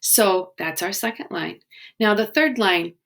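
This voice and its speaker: A woman leads a children's writing webinar in a friendly, encouraging way. Her voice has a gravelly edge and sits at a middle pitch. She slows right down to sound out words syllable by syllable. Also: expressive, fairly bright tone.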